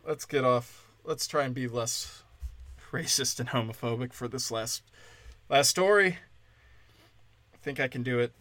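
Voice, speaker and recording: A man's voice: mid-range voice, a bit bright, no room sound. A man telling a crude stand-up comedy story, ranting and acting out the people in it. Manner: crude, ranting, acts out quoted voices. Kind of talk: podcast-style comedy storytelling.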